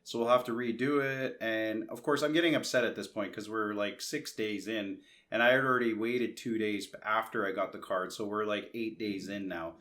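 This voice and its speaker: A man's voice: on the low side, normal speed, a bit bright. Chatty man telling a rambling story. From Canada. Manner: chatty, re-enacts conversations in quoted asides, frequent restarts. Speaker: tech vlogger.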